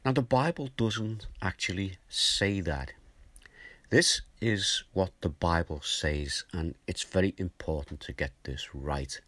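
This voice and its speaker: Older man, very deep, dry devotional. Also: slow pace, no echo. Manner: gentle, conversational, chuckles now and then. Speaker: preacher. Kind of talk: morning devotional talk.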